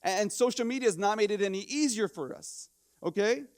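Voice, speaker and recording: Pastor guy preaching, high voice, lots of "you know what i'm saying", restarts a bunch. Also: fairly quick, smooth. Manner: animated, conversational preaching with repeated rhetorical questions and many restarts. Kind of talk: sermon. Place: church.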